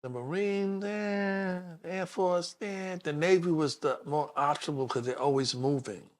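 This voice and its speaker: Telling his life story to an interviewer, a New York City detective in his sixties acts out the voices of people from it with animated flair. His New York-accented voice is fairly high and a little slow.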